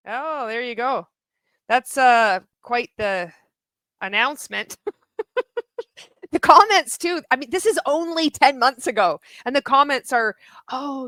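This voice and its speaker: A woman hosting a commentary video, voice a little high and sounding dry and close. She talks in a sarcastic, exasperated way. Her lines are full of disbelief and scoffing laughs. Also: a bit bright, dry recording.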